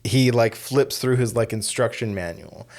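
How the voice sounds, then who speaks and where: Man, mid pitch, podcast co-host, rambling, casual film chat. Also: moderate pace, a little mellow. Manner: rambling, many restarts and fillers.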